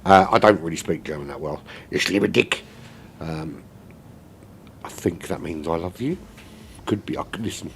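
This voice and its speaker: A man's voice: deep voice, moderate pace, long pauses. A man calls a sim race live, rambling and joking between updates on the running order. He swears casually, with a faint hum of noise behind his voice. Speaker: race commentator. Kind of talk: live sim racing commentary.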